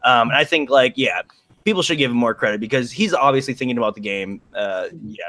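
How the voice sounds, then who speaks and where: Man, mid-pitched, eager and rambling, dry close sound. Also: fast talker, pushed and bright, no echo. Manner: enthusiastic, filler-heavy rambling. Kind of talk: casual chat.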